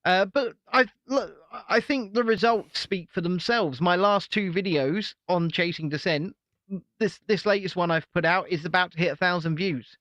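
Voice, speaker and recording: A man's voice: high voice, moderate pace, fairly bright tone, dry recording. A man from Britain co-hosting a casual comedy chat show, earnest and opinionated with dry quips. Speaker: podcast co-host and YouTuber.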